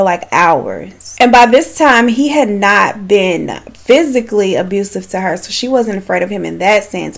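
A woman telling a true crime story in a casual, chatty way, with frequent asides to her viewers. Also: mid-range voice. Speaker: true crime makeup vlogger.

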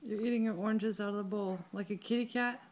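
A mother talking softly and playfully with her small child at home, coaxing and affectionate, filmed on a handheld camera. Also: medium pitch, steady tone, fast. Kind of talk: playful talk with a toddler. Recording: home video with clear background noise.

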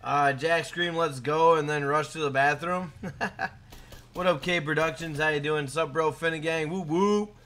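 A man's voice: on the high side, steady tone, measured pace. A young man live-streaming a game, chatting casually and hyping up his chat by name. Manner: hyped, shouts out chat names.

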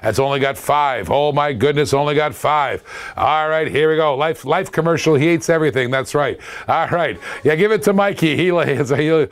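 A man's voice: fairly high pitch, normal speed. Playful Canadian man running a live auction. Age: 40s. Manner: playful, jokey, laughs often, repeats himself. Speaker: live-stream toy car auctioneer. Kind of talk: live auction stream chat.

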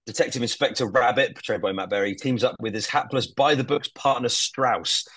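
A man's voice: medium pitch, a little fast, fairly bright tone, husky, no room sound. Enthusiastic, sweary man, dry sound. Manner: enthusiastic, sweary, with many fillers and restarts. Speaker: podcast guest. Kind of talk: casual podcast chat.

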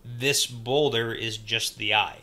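Bright-toned man explaining lore on a podcast. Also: mid-range voice, slow. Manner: explanatory, even-toned, frequent agreeing "yeah". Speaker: podcast co-host. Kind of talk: casual book discussion.

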